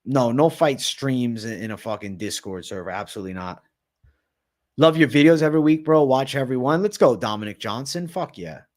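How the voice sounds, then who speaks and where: A man's voice: medium pitch, expressive, brisk, darkish tone. A man hosting a livestream, casually answering chat with slang and frequent swearing. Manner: profane, slangy, reads and answers chat comments.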